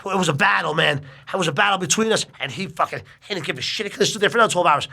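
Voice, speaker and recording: A middle-aged man telling a long personal story in casual chat, animated and full of swearing. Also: sits high, rapid-fire, gravelly.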